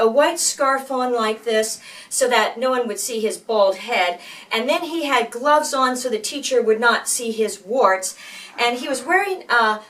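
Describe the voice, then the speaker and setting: A woman's voice: on the high side, sharp tone. A woman in her sixties telling a personal story casually, with many fillers and restarts. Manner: rambling, many fillers and restarts, acts out quoted voices. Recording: voice from far off the mic.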